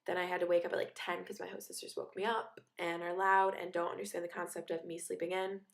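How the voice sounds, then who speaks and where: Teen exchange student girl vlogging, kinda sick, low-ish voice, says like a lot. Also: level tone, fast, vocal fry. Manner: rambling, filler-heavy, chatty. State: a little sick. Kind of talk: casual video diary.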